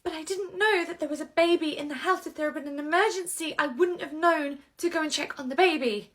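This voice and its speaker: A woman's voice: high-pitched, brisk, a bit bright. A woman playing a nervous young babysitter in a comedy sketch, stammering and repeating herself as she tries to get her point across. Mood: flustered.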